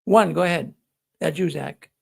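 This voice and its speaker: A man's voice: a little high, normal speed, vocal fry, slightly rough. A man hosting a casual live-stream quiz, jokey and playful, often repeating himself. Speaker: show host running a quiz.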